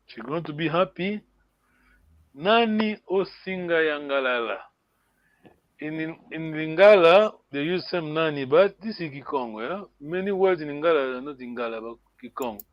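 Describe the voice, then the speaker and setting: A man's voice: fairly high pitch, lively intonation, fairly quick, hardly any pauses, no room sound, highs cut off. A man teaching an online language lesson, patient and repetitive, often checking that his students follow. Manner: patient, repeats words, asks "yeah?" to check understanding.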